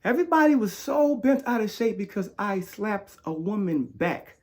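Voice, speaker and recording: A man giving an emotional personal account of an arrest, halting with fillers, dropping to low murmurs then bursting out loud. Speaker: interviewee recounting arrest.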